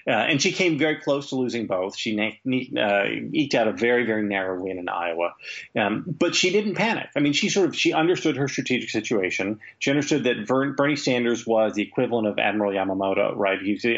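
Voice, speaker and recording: A man's voice: medium pitch, expressive, brisk. A man speaking as a guest writer over a video call from home, giving candid, wry political analysis with plenty of fillers. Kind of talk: remote podcast interview. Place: home, remote. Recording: dull lo-fi call audio.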